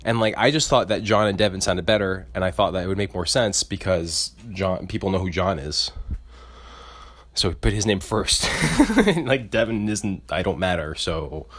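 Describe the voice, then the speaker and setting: A man's voice: sits low, animated, moderate pace, fairly bright tone. A man who co-hosts a podcast, venting in a casual, rambling monologue that is full of swearing and filler words. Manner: rambling and profane, heavy use of filler "like". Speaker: podcast co-host.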